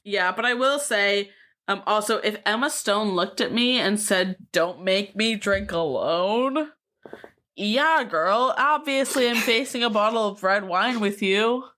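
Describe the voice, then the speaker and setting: Bright-voiced young woman co-host. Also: medium pitch. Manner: laid-back, swears freely, quick asides. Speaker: podcast co-host. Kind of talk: casual chat.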